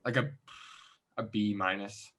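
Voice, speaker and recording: Young dude co-hosting a podcast, bright voice, laid-back, trails off soft. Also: male voice, fairly low pitch, little pitch movement, a little slow. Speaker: podcast co-host. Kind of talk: casual group chat.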